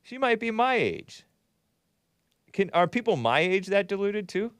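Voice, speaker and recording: A man's voice: sits high, very animated, measured pace, a bit bright, clean tone, no room sound. A male show host giving rambling, sarcastic commentary, chuckling between remarks as he reads from a chat.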